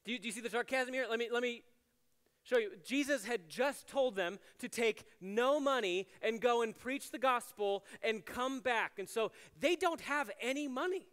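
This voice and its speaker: A man's voice: very high-pitched, moderate pace, fairly bright tone, clear, resonant tone. A man giving a casual, conversational sermon as a chapel ministries director, chatty with many "like" fillers and playful asides. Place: university chapel. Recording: long hall reverb in a chapel.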